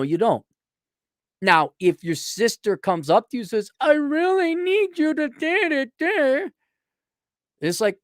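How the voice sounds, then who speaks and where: Blunt, animated man ranting casually. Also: fairly high pitch, no room sound, studio quality. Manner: blunt, profane, acts out quoted exchanges. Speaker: commentator answering listener questions. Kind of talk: casual opinionated monologue.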